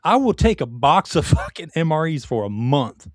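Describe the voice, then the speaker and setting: A man's voice: a little high, big pitch swings, normal speed, no echo, studio quality. A man co-hosting a podcast, ranting in casual chat with swearing and restarts. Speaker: podcast co-host.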